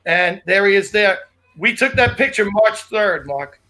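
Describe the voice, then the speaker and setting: High bright-voiced comic telling stories. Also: male voice, lively intonation, measured pace. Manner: loose, rambling storyteller with restarts. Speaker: podcast co-host, comedian. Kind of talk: casual chat.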